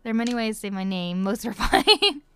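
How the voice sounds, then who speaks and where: Her voice high, sharp and smooth with big pitch swings, a young woman from Northern Ireland talks a little fast. A voice actress with an Irish-transatlantic accent, she answers fans in a casual livestream Q&A, giggly and effusive, rambling through plenty of fillers.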